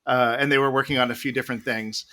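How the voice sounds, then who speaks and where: A man's voice: medium pitch, steady tone, fast talker, pushed and bright. A man guest on a podcast, telling long, rambling stories with many restarts and laughs. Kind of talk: casual storytelling interview.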